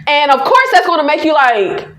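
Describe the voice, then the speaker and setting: A woman recapping a TV episode in an excited, casual way, exclaiming and laughing as she addresses viewers directly. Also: high-pitched, moderate pace, reverberant, a little hiss or hum. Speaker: TV episode reviewer.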